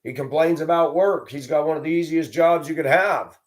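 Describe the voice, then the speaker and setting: A man's voice: on the high side, moderate pace. A man hosting his own video, delivering a blunt, combative, profane rant and mocking others in a raised voice. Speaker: video host. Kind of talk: ranting monologue.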